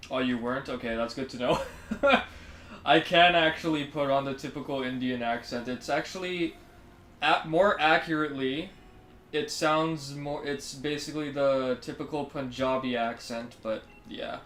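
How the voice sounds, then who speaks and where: A man's voice: medium pitch, moderate pace, fairly bright tone, a little hiss or hum. Chatty Canadian man in a roomy room. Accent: Canadian English. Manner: chatty, answers chat readers in a friendly easygoing way. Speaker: streamer. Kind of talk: casual live-stream chat. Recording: roomy sound with faint music.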